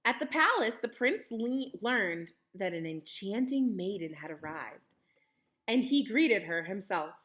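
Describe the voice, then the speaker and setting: A young woman reads a picture book aloud to children in a teacher's manner. She stops now and then to explain words simply, her voice rising and falling with lively expression. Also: medium pitch, unhurried.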